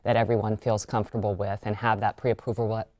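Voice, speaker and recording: Woman agent on a tv show, super deep voice, dry close sound, confident tips. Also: little pitch movement, fast talker, darkish tone, no echo. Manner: confident, practical advice. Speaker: real estate agent guest. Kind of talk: TV talk segment. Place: TV studio.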